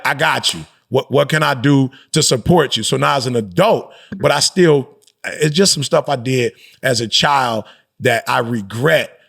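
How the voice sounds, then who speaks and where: Gravelly middle-aged man, reflective and emphatic. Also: medium pitch, fairly bright tone. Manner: reflective and emphatic, slangy asides. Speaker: motivational speaker and pastor, podcast guest. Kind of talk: candid conversational interview.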